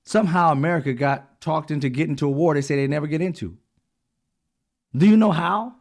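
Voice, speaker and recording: A man hosting his own channel, talking in a casual, blunt monologue with frequent swearing and repeated throat clearing. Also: a little high, a little fast, a little mellow. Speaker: channel host.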